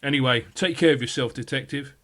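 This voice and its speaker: A man's voice: mid-range voice, fast, fairly bright tone, close to an everyday voice. A man voicing a smug adult man in a story game who got away with murder, politely mocking and falsely sympathetic. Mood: smug farewell. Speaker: game character. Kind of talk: scripted game voice acting.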